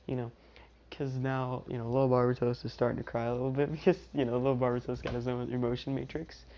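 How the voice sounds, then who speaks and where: A man's voice: mid-range voice, flat delivery, fast, dark tone. A young man spins a fan-made story in a loose, rambling way, circling back and restarting as he goes. His voice sits in an ordinary middle register, and the dull, lo-fi recording carries a faint hiss of the room behind him. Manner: rambling, lots of fillers and restarts. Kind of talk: casual fan-fiction storytelling.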